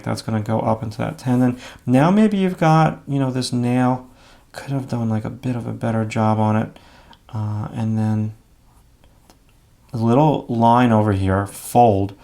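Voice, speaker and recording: A man's voice: mid-range voice, creaky, a little mellow. A man giving a live drawing lesson, talking casually and thinking aloud as he sketches, with frequent fillers. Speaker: drawing instructor.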